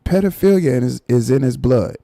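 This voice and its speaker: A man rants on his live stream, mocking and animated. His voice is dark and gravelly. The sound is dry and close. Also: mid-range voice, a little fast, no echo. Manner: animated, mocking, repeats himself. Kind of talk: casual commentary rant.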